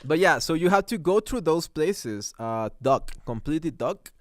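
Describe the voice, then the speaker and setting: A young man hosting a livestream, chatting casually and answering comments in halting English with many restarts. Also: fairly high pitch, lively intonation, dry recording, studio quality. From Mexico. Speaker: livestream host.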